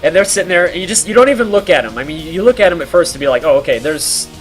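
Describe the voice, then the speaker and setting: A man's voice: sits high, big pitch swings, rapid-fire, faint music behind. A man streaming a game while telling a rambling story, full of fillers and laughs.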